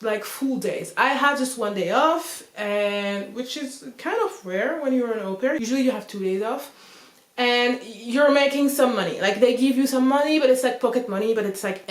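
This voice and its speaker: A woman in her thirties rambles through a personal storytime, leaning on "like" and "you know" between thoughts. Her voice sits at an ordinary middle pitch. The room around her is echoey and roomy. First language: French. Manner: chatty, rambling, heavy use of "like" and "you know". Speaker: vlogger. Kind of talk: casual storytime monologue.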